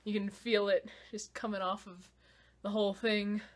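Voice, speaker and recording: A young woman giving a casual, excitable movie reaction rant, swearing freely and swinging between loud outbursts and low mutters, a little winded. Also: moderate pace. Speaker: vlogger.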